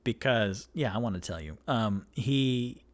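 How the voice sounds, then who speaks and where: A man's voice: lowish voice, a little slow, slight background noise. A man narrating a solo tabletop game as dungeon master, rambling with many fillers. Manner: rambling, filler-heavy, animated.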